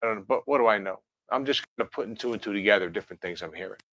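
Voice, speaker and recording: A man's voice: on the low side, racing, a bit bright. Chatty man in his fifties. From New Jersey. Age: 50s. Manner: rambling and chatty, with many fillers and self-corrections. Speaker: livestream host. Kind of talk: casual livestream chat answering viewer comments.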